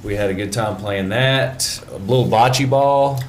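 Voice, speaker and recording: A man's voice: fairly low pitch, measured pace, slight background noise. A man co-hosting a casual gaming podcast, talking in an easygoing, rambling way. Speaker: podcast co-host.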